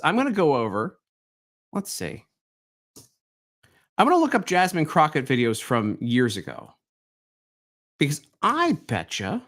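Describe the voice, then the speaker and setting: Male livestream host, animated and incredulous, pitch swinging widely. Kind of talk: live-stream commentary.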